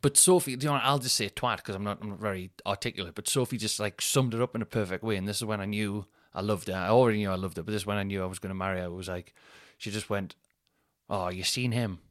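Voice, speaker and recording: A man's voice: fairly low pitch, fairly even intonation, racing, no echo, clean studio sound. A man, rambling and swearing through a casual solo podcast chat. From North East England. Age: 30s. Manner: rambling and sweary, thinks out loud. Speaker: podcast host.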